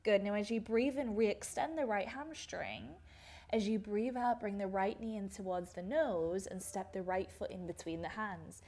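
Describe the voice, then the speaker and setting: A woman's voice: mid-range voice, normal speed, darkish tone. A woman teaching a guided yoga class, coaching movement and breath in a soothing way, with audible sighs as she breathes out.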